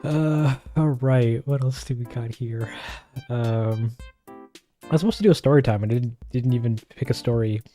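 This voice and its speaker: A man's voice: medium pitch, moderate pace, mellow, faint music behind. A man chatting casually and playfully while drawing live on stream, often laughing.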